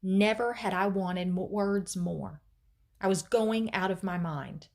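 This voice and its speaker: A woman teacher reading a novel aloud in an expressive storytelling way, with dramatic pauses. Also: medium pitch.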